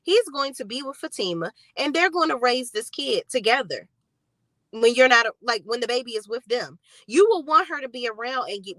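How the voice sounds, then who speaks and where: A woman's voice: fairly high pitch, pushed and bright, no echo. Woman, casual recap vlog, blunt, sassy, profane, dry close sound. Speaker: TV recap vlogger.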